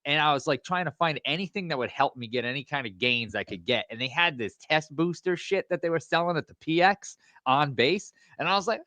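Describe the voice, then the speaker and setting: Male podcast co-host, animated and profane, swinging pitch, dry close sound. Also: fairly quick, no echo. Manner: animated, profane, laughs through stories. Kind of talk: casual chat, crude storytelling.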